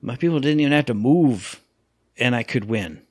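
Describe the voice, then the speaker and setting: A man co-hosting a casual gaming podcast, telling stories with lively acted-out quotes and sound effects. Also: medium pitch, moderate pace, breathy edge, no echo, clean studio sound. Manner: animated storyteller, acts out quotes and sound effects. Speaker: podcast co-host.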